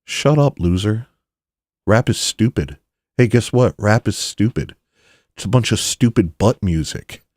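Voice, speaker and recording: A man with a deep, low voice rants bluntly and provocatively, tossing in mocking asides. He talks casually as a podcast host. The sound is dry and close, with no room echo. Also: animated, unhurried, darkish tone. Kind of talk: casual opinionated monologue.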